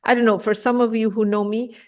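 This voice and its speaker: A woman teaching an online scripture class, lively and direct, acting out the voices she quotes and checking in with her listeners. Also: on the high side, quick pace. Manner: animated, acts out quoted voices, asks listeners "yes?". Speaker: spiritual teacher. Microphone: video call.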